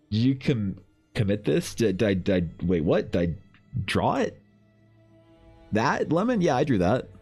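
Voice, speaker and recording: A man's voice: fairly low pitch, a little mellow, husky. A man from Canada, an artist streamer, chatting casually and profanely while drawing and reading chat aloud.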